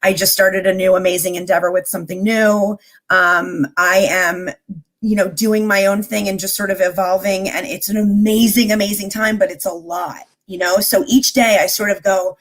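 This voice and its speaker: Give me a woman guest chatting openly, rambling a bit as she thinks aloud. Her voice sits at an ordinary middle pitch. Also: steady tone, normal speed. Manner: open, rambling, with many fillers and restarts. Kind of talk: casual conversational chat.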